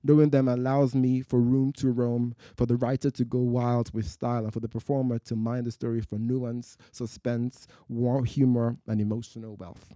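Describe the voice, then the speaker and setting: A man from West Africa, a poet and storyteller, performing live in a festival tent with measured, rhythmic, vivid delivery. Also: mid-range voice, flat delivery, mellow, dry recording, studio quality. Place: night-time festival marquee.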